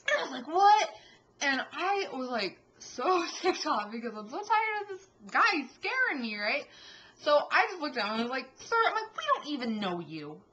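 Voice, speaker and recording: Bright, animated young woman storyteller. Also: high-pitched, normal speed, rough recording. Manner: animated, exasperated retelling. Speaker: vlogger. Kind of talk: casual storytelling.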